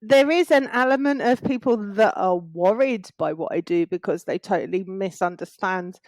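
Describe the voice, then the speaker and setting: A woman talking over a video call from home, explaining her work in a calm and earnest way. Her voice sits at a middle pitch and sounds close and dry. She laughs lightly now and then. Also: normal speed, no room sound. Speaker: guest, space clearing practitioner. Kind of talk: casual video call interview. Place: home in a village in Spain.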